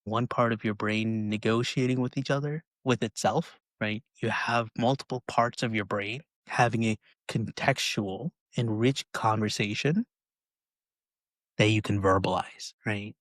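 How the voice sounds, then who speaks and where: A man's voice: lowish voice, fairly even intonation, unhurried, fairly bright tone, no room sound. A man hosting a podcast, chatting casually and often checking in with "right?". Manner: conversational, frequent "right?" tags. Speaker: podcast host.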